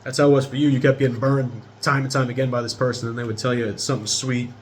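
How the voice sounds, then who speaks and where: A man's voice: mid-range voice, flat delivery, fast, slight background noise. A man in his thirties giving a casual tarot reading straight to his viewers in a rambling, profane way. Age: 30s. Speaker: tarot reader.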